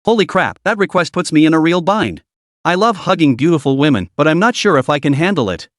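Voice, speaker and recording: A man's voice: on the high side, lively intonation, brisk, no room sound, studio quality, natural voice. A man voicing a cocky, crude young man who swears his way through trouble. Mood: frantic. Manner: blunt, swearing inner monologue.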